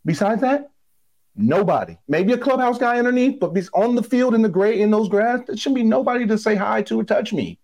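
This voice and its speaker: Former player, man, sports talk guest: emphatic, profane, pitch jumping all over. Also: brisk. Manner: animated, emphatic and blunt, swears freely.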